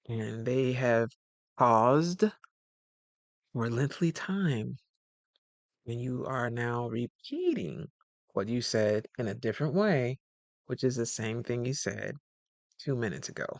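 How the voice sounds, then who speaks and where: Man, casual coaching talk, rambling, self-correcting, mid-pitched voice, dry close sound. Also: moderate pace, pauses often, dry recording. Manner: animated, acts out quoted dialogue. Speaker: communication coach.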